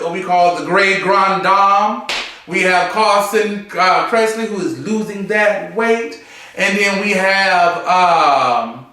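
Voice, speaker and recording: A man chatting through a review in a campy, sassy manner, his voice high and bright. It rings out in a very echoey room, picked up from a little way off the mic. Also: far from the mic. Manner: campy, sassy, animated, full of asides and mimicry. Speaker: drag show reviewer. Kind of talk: casual review chat. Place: room, seated on a stool.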